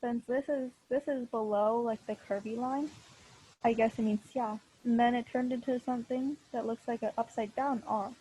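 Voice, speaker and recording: A woman with a slightly high voice works through a lesson out loud. She is relaxed and unpolished, pausing with fillers as she explains. A faint hiss runs under the recording. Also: poor audio. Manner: relaxed, thinking aloud with fillers. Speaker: language teacher. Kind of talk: casual spoken lesson.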